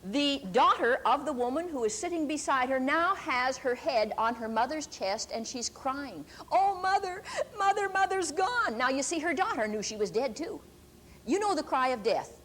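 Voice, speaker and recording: An older woman preacher telling a testimony in a sermon, deliberate and emphatic, drawing out key words slowly. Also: high voice, lively intonation, a bit bright. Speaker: preacher and Bible teacher.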